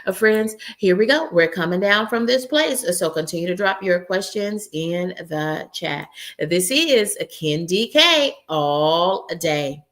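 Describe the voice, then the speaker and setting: A woman's voice: lowish voice, expressive, slow pace, fairly bright tone. A woman in her late forties hosting a casual livestream, upbeat and preachy, calling her viewers y'all and friends. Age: 40s. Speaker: YouTube channel host.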